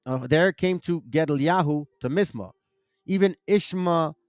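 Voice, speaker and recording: Reading scripture in a casual religious lesson, this bible teaching channel host speaks in a smooth, higher-than-average male voice, a little slow, with a dry, close sound free of echo. He wanders off track, stumbles on names, and keeps correcting himself.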